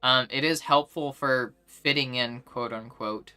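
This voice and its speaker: A woman's voice: a bass voice, measured pace, sharp tone, clear, resonant tone. A young woman streamer chatting casually while gaming, ranting bluntly with lots of fillers. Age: young adult. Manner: blunt, exasperated ranting with frequent "like".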